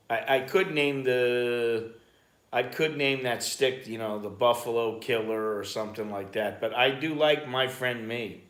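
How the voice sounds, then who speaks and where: A man's voice: medium pitch, takes it slowly, long pauses, a bit bright. American guy rambling on a live stream, curses a bit, roomy echo. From United States. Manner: rambling, chatty, swears casually. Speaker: vlogger hosting a live stream. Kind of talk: casual chat. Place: home in Bangkok.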